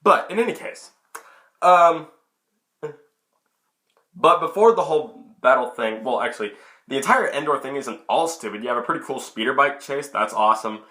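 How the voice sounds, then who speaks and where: A man's voice: mid-range voice, normal speed, pauses often. A young man giving a casual, chatty film review into his camera. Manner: chatty, excitable, many restarts. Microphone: camera mic.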